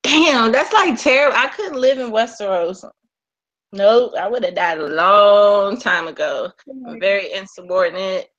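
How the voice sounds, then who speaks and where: A woman in her forties co-hosting a casual podcast, joking and swearing in animated banter. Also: medium pitch, measured pace, highs cut off. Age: 40s. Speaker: podcast co-host. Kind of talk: casual chat.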